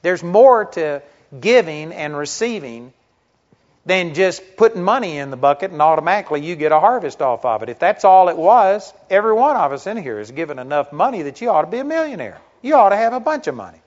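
A man's voice: high voice, big pitch swings, a little fast. A middle-aged man preaching a sermon to a congregation, talking conversationally, asking rhetorical questions and telling stories. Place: church. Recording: dull lo-fi sermon recording.

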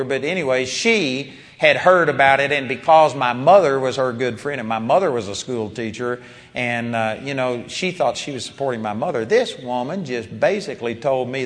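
A man preaching a sermon, telling a personal story with animated rises and quiet drops when quoting people. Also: medium pitch, moderate pace. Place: large seminar hall. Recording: long reverb of a large hall.

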